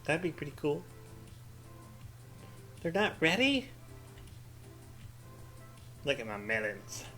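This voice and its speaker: A man's voice: on the high side, big pitch swings, takes it slowly, pushed and bright, soft background music. A man giving rambling, profane let's-play commentary, full of crude jokes and sarcastic mock rants. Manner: mock-ranting with sarcastic asides. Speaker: gaming commentator.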